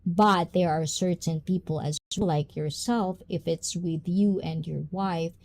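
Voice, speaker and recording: A woman hosting a casual live-stream chat, talking in a reflective, drawn-out way with many fillers and asides to her viewers. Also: fairly low pitch, steady tone, a little mellow, slight background noise. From Japan. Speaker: host.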